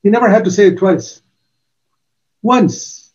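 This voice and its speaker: An older man preaching a sermon, giving earnest testimony with slow, emphatic pauses. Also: high-pitched, lively intonation, highs cut off.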